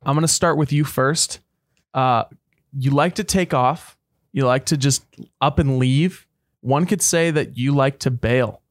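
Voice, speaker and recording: A man's voice: medium pitch, measured pace, no echo, studio quality. A man in his twenties co-hosting a podcast, playfully ribbing the others in casual chat. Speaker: podcast co-host.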